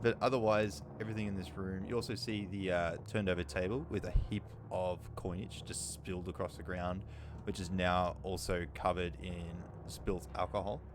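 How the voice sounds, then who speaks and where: A man narrating as dungeon master in a tabletop game, describing scenes in an unhurried way with frequent ums. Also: low voice, little pitch movement, background noise.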